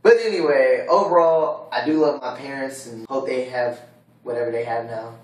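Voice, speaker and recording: A man's voice: mid-range voice, fairly even intonation, normal speed, distant mic. A young man, a college student, telling stories about his family in a casual vlog from his dorm room. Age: young adult. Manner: loud slangy hype, then quieter storytelling. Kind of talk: casual vlog tour and storytelling. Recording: echoey room, voice off-mic.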